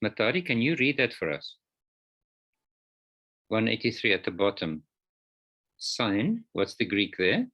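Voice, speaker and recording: A man's voice: fairly low pitch, big pitch swings, a little slow, pauses often, bright, forceful tone. A man lecturing students on Greek grammar, explaining patiently step by step in an online class. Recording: dull lo-fi online call audio.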